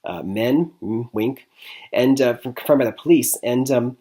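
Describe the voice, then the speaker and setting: A man from Michigan talks through a movie review in a relaxed, chatty way. He leans on fillers like "I mean" and "like I said," and chuckles between points. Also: medium pitch, moderate pace. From Michigan, USA. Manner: chatty, repeats "I mean" and "like I said", laughs often. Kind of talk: casual spoken movie review.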